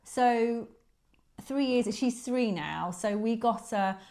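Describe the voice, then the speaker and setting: A woman's voice: fairly high pitch, slow pace. Chatty woman in her forties. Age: 40s. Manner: chatty, laughs often, voice jumps up when excited. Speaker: guest. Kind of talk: casual chat.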